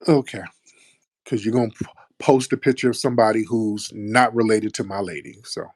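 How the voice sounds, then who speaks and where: A man's voice: on the low side, steady tone, normal speed, no room sound, clean studio sound. A man hosting a comedic call-in show, mocking and repetitive as he confronts his callers. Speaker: host. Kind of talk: comedic call-in radio talk.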